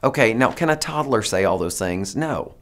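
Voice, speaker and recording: A man giving a presentation to teachers, animated and demonstrative, coaxing the audience to repeat phrases. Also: fairly low pitch, moderate pace. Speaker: teacher trainer.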